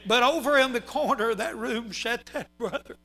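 A pastor preaching a sermon, his voice high-pitched and bright. He spins folksy stories with an emphatic, building delivery that swells toward exhortation. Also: moderate pace, soft background music, low-quality recording. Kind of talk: sermon storytelling.

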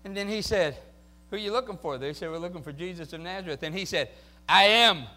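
A man preaching a sermon, moving from quiet talk to loud shouting peaks and acting out quoted voices. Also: high-pitched, quick pace, slight background noise. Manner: acts out quoted voices and asks the crowd for replies.

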